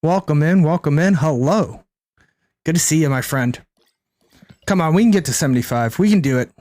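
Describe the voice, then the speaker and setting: Chatty young man with a high voice. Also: fast, darkish tone. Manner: chatty, thinks aloud, reads and answers chat. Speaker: game streamer. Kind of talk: casual live-stream commentary.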